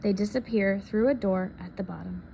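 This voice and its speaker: A woman reading a picture book aloud in a soft, unhurried storytelling manner. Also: mid-range voice, gravelly, a little hiss or hum. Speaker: reader.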